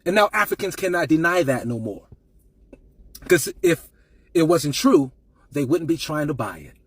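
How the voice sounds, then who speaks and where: A man's voice: a little high, lively intonation, moderate pace, husky, dry recording. A man giving an impassioned commentary with an emphatic, repetitive preaching cadence. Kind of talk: impassioned rant to camera.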